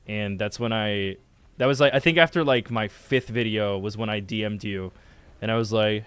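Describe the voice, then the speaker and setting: A man's voice: on the low side, moderate pace, a bit bright, smooth, dry recording. A young adult man telling stories in casual chat, joking and crude, loose and rambling. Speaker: video editor and co-host.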